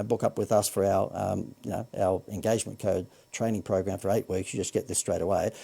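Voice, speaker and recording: An Australian man hosts a livestream sales pitch for a marketing course. His voice is very dark and gravelly, and he talks in a chatty, loose way, full of "uh"s, quick corrections and jokes at his own expense. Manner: chatty, joking asides, frequent "uh" and self-corrections. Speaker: marketing coach hosting a livestream. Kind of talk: Facebook Live sales pitch.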